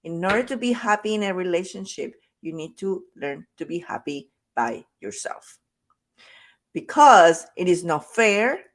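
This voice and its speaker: Woman coach doing a motivational talk, lowish voice, emphatic and chatty, repeats the big points. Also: a bit bright. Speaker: self-love coach.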